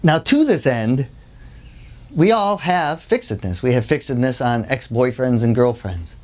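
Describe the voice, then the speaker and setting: This mid-range voice keeps a measured pace while recounting an anecdote at a workshop. The delivery is animated, with characters voiced aloud and frequent asides, in the style of a conversational storytelling lecture.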